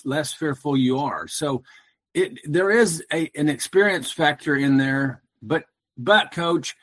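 Earnest male caller, slightly high voice, halting phone-in delivery. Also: a bit bright. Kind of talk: casual call-in chat.

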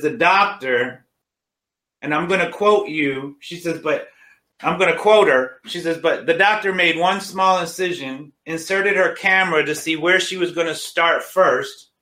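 A man's voice: a little high, sharp tone, reverberant. A man sharing a personal faith testimony, emphatic and retelling conversations line by line. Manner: emphatic, retells dialogue with many "she says".

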